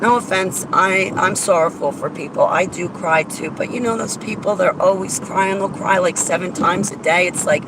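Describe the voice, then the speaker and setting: A blunt, argumentative woman rants in a casual vlog from around her car. Clear traffic and street noise runs behind her voice. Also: on the low side, moderate pace, few pauses. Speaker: vlogger.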